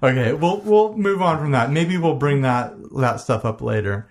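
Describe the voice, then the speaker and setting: A man's voice: medium pitch, expressive, normal speed. A man co-hosting a casual podcast, chatting in a rambling, enthusiastic way and laughing easily. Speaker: podcast co-host. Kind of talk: casual chat.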